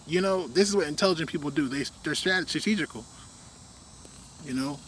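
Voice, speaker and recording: A young man with a slightly higher voice rambles through a casual rant, leaning on fillers and letting his sentences fade out. Faint crickets chirp behind him in the night air outdoors. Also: a little fast, slight background noise. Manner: rambling, frequent fillers, trails off quietly.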